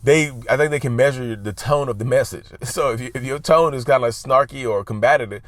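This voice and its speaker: A man's voice: medium pitch, brisk, no room sound. A man hosting a casual advice monologue, driving his points home by repeating key words and calling his viewers "y'all.". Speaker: mental health channel host.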